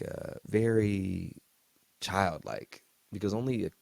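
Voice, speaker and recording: Deep, gravelly-voiced man doing a casual recap. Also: dry recording. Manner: slangy, joking asides. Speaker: host of a TV recap channel. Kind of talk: casual recap and reaction commentary.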